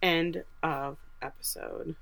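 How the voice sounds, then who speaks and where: Podcast co-host, female, bright lower-pitched voice, breezy filler-heavy recap delivery. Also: fairly even intonation, takes it slowly. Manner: chatty, retells scenes with quoted asides and many fillers. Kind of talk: casual recap chat.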